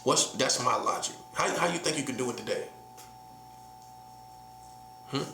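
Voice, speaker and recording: A man's voice: medium pitch, moderate pace, reverberant, noisy background. A man from North Carolina with a Southern accent, preaching in a casual, emphatic monologue full of rhetorical questions and slang. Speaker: prophet.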